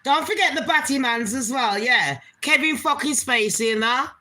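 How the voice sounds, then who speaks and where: A woman's voice: high-pitched, lively intonation, moderate pace, sharp tone. A woman hosting her own channel, ranting bluntly in casual commentary and swearing heavily with open scorn. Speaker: channel host.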